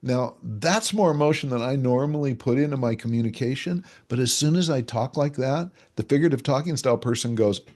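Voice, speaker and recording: Man, mid-range pitch, interview guest, explanatory, example-driven, animated quoted asides. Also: brisk, hardly any pauses. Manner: explains with examples, acts out quoted voices, frequent "right?". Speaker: relationship energetics expert guest. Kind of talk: explanatory conversational interview talk.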